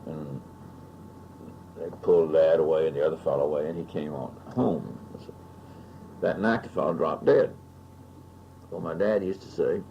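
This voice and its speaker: A man's voice: extremely low pitch, expressive, a little fast, vocal fry, long pauses, a little mellow, dull audio. An older man from Texas telling family anecdotes in an oral history interview, in a relishing, raconteur's manner. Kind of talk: storytelling interview. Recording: archival audio with faint hiss.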